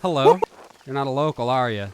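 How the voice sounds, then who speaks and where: A man's voice: medium pitch, expressive, fairly quick, background noise, natural voice. A man voicing a polite young artist. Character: young male traveling artist, curious and polite. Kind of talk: live voice-over of a game.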